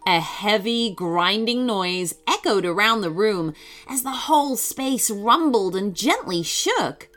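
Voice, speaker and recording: A woman reading a children's story aloud in a slow, expressive way. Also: medium pitch, faint music behind.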